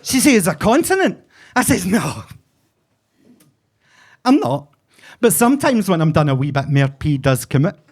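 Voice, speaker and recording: A flamboyant Glaswegian man in his forties works a comedy club crowd with a high, camp voice. He swears freely and plays up his own manner for laughs, talking into a handheld mic on a basement stage. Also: lively intonation, measured pace, long pauses, darkish tone, breathy edge. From Glasgow, Scotland. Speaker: stand-up comedian. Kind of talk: stand-up set.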